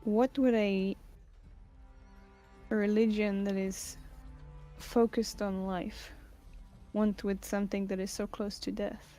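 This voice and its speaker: A woman's voice: mid-range voice, little pitch movement, takes it slowly, pauses often, mellow, faint music behind. A woman playing a tabletop game and chatting playfully with the group. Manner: playful, giggly. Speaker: player. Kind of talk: casual chat during a tabletop game.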